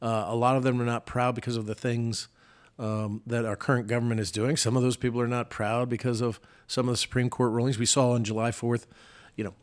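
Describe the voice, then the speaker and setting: A man of middling pitch co-hosting a casual political podcast. He talks in a loose, conversational way, often restarting his sentences. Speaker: podcast co-host, former senator.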